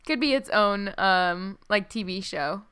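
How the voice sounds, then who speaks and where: Woman, podcast co-host, giggly, casual book chat, crisp clear voice. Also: mid-range voice, unhurried. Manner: giggly, animated.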